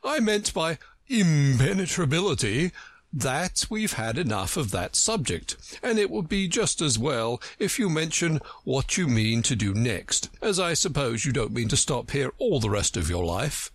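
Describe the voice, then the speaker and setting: A man reading a storybook aloud, voicing a pompous, scornful know-it-all who speaks in a lively, lilting way. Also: medium pitch, a little slow, no room sound, voice pushed up.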